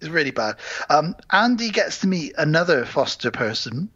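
A man's voice: on the high side, big pitch swings, moderate pace, pushed and bright, no room sound. A man co-hosting a podcast, casually recapping a film with laughs and quoted voices. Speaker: podcast co-host. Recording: dull lo-fi podcast audio.

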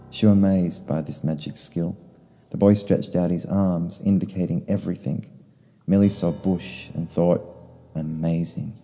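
A man reading a short story in slow, solemn narration. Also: low voice, dark tone. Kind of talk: scripted narration. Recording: long reverb, faint guitar music.

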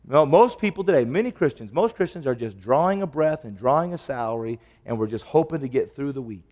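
A man preaching a sermon, telling stories and acting out the dialogue, his voice swinging from loud to hushed. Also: mid-range voice, animated, fairly quick, few pauses, long reverb tail, dull audio. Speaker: pastor. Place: church sanctuary.

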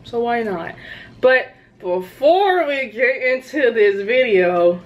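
A woman's voice: fairly high pitch, lively intonation, takes it slowly, lo-fi sound. A young woman hosting a reaction channel, chatting casually with sassy, incredulous asides.

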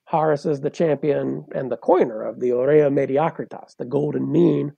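A man's voice: mid-range voice, moderate pace, vocal fry, mellow, husky, dry recording, highs cut off. A man, a poet and translator, explaining things step by step in a professorial way as a guest in an interview. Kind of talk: interview conversation.

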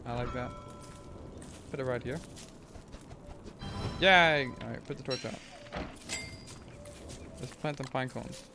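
A man casually talking through his gameplay as a streamer, rambling and thinking aloud, with sudden excited whoops. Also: medium pitch, slow, creaky, long pauses. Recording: game music playing under the voice. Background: game music.

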